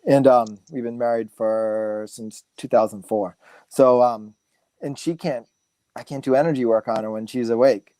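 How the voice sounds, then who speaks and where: A man in his forties, a guest speaker, telling stories in a relaxed, rambling way full of fillers and restarts. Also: mid-range voice, normal speed, no echo. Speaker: guest speaker, massage therapist. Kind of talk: casual storytelling interview.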